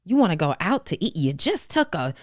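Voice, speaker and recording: A woman's voice: on the low side, big pitch swings, brisk, dry recording. A woman voicing her anxious older mother, firing off frantic, worried questions about money. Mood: alarmed.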